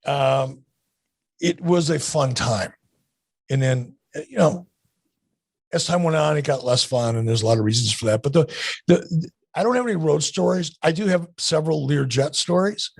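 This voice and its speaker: A man's voice: fairly high pitch, normal speed, gravelly, husky, no echo. A man in his sixties, a podcast guest, telling laid-back stories with dry humor in casual chat.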